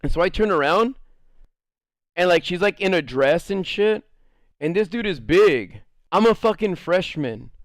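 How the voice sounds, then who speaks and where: A man with a slightly high voice tells a story to his stream chat in a loose, rambling way. He curses freely, fills his talk with "like," and keeps breaking into laughter. The sound is dry and close. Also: expressive, unhurried, no room sound. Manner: rambling, laughs often, curses, many "like" fillers. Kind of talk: casual storytelling to a live chat.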